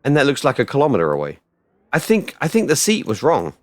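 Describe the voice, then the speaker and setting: A man chats loosely while streaming a space game, his voice swinging up and down with animation. He rambles between topics and breaks into loud excited outbursts. The sound is dry and close, with no room around it. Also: mid-range voice, quick pace, no echo. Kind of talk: casual live-stream chat while gaming.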